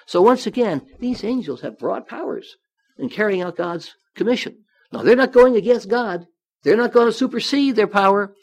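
A man's voice: sits high, expressive, moderate pace. A man giving a Bible study sermon, reading scripture aloud and then explaining it in his own words, with some restarts. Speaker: Bible teacher.

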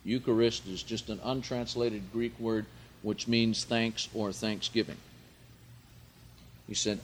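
A man preaching a Bible teaching sermon, slow and emphatic, lifting his voice on key words and carefully sounding out Greek phrases. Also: lowish voice, flat delivery, slight background noise.

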